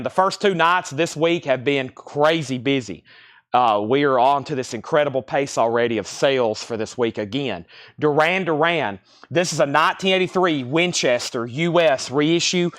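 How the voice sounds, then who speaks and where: A man hosting a live record sale stream, briskly calling out titles and prices, slightly out of breath. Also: on the high side, no echo, studio quality. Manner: brisk auctioneer-style patter, calling out prices.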